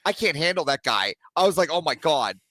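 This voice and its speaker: A man's voice: fairly high pitch, big pitch swings, fairly quick, bright, forceful tone, dry recording. A man calling into a livestream show, chatting casually and rambling with lots of fillers and laughs. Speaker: caller. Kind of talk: casual chat.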